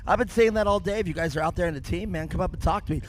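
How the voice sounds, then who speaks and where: A male race announcer with a fairly high, excitable voice jokes his way through trackside interviews. He talks into a handheld microphone at an outdoor track, with a faint hum of noise behind him. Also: very fast. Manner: excitable, joking, high-energy. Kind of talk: live trackside commentary and interviews. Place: outdoor racetrack podium.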